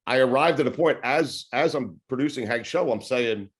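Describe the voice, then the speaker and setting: A man in his forties with a New York accent, telling stories in a casual interview, rambling and relaxed, swearing and laughing as he goes. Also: medium pitch, moderate pace, husky. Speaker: sports radio host, podcast guest.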